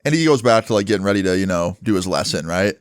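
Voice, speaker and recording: A man's voice: low-pitched, animated, quick pace, no echo, studio quality. A man narrating a storytime in a casual, chatty way, swearing freely.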